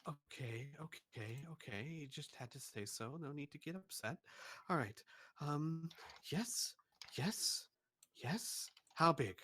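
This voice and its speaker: A man's voice: a little high, very animated, very slow, pauses often, sharp tone, breathy edge, voice pushed up, exaggerated voice. Man putting on a muttering eccentric shopkeeper. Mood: fussy. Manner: mutters, repeats himself, drops to whispers. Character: eccentric male shopkeeper, fussy and scatterbrained.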